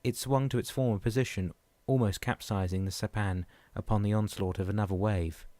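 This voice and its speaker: Low-voiced male audiobook narrator. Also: steady tone, brisk, a little mellow, dry recording. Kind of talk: scripted narration.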